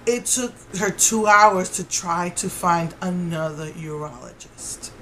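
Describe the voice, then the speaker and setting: Indignant low-voiced woman vlogger. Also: takes it slowly, noisy background. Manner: indignant, rambling retelling with restarts. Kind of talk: casual storytelling to camera.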